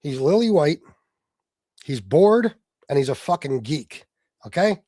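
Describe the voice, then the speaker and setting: A man's voice: on the high side, sing-song, measured pace, long pauses, a little mellow, no echo. A man hosting a casual livestream, brash and boastful, swearing freely and answering comments from his viewers. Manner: chats with viewers in the stream chat. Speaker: livestream host.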